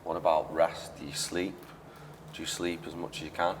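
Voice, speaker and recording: A man's voice: low voice, flat delivery, normal speed, a little hiss or hum. A man hosting a casual interview podcast, earnest and repeating phrases for emphasis. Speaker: podcast host. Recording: echoey room, distant mic.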